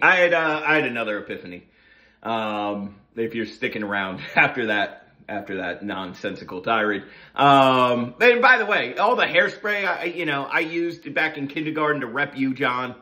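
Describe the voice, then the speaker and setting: A man's voice: medium pitch, pushed and bright. A middle-aged man from New Jersey, hosting a casual morning monologue full of profane, sarcastic rants. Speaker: host of a morning talk session.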